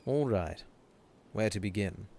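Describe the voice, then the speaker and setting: A man's voice: fairly low pitch, expressive, measured pace, noisy background. A man streaming a game live, joking and swearing while reading the game text aloud. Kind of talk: casual live-stream gaming chat.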